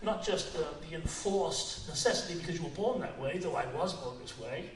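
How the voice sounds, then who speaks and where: A man in his sixties, a guest filmmaker in a live on-stage conversation, who talks earnestly with many halting restarts. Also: fairly high pitch, lively intonation, a crowd in the background. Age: 60s. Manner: earnest and reflective, with bursts of laughter. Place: cinema auditorium in front of an audience. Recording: echoey, noisy room, picked up from a distance.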